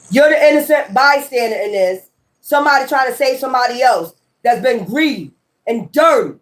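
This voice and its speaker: A woman tarot reader in a casual ranting monologue. She talks emphatically, swears and repeats her points. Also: high voice. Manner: emphatic, profane and repetitive.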